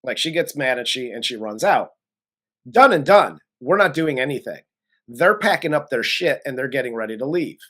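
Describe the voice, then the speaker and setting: A man's voice: medium pitch, animated, normal speed, sharp tone. A man co-hosting a casual movie review chat, recapping the plot with frequent laughter and plenty of swearing. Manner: profane, laughs often, blunt opinions. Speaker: co-host of a movie review show.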